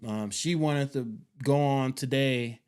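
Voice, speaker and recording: A man in his thirties talks through his plans in a loose, rambling vlog style, circling back and repeating points. His voice is mellow and smooth, with an easy, unhurried warmth. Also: medium pitch. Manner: rambling, repeats himself, casual slang. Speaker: homestead channel host. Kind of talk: casual vlog talk.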